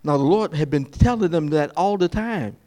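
A man preaching a sermon as pastor, jumping from slow, hushed quoted lines to high, lively preaching and often repeating his words. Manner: repeats words and restarts phrases.

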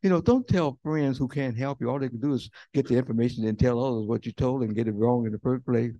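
A man preaching a sermon as pastor, talking conversationally and swinging from loud bursts to hushed near-whispers. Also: medium pitch, fast talker, no room sound, dull audio. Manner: conversational preaching with fillers and quoted voices.

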